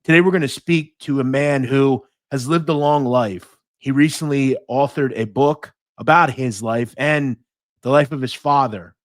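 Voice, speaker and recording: A man's voice: medium pitch, moderate pace, dry recording. Upbeat man hosting an interview podcast. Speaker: podcast host. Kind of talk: interview show intro and questions.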